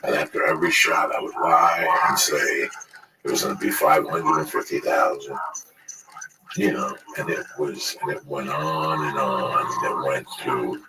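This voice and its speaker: Low-voiced profane storyteller in his sixties. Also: flat delivery, a little slow. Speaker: podcast host telling stories. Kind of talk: casual chat. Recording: distant mic with loud background noise.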